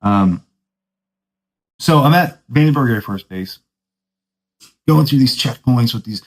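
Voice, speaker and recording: Brief: young male podcast host, surfer-dude talk, very lively swooping pitch, self-mocking storyteller. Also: slow pace, rough recording. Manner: laid-back surfer talk, says dude a lot; self-deprecating, laughs at his own stories. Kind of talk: casual storytelling monologue.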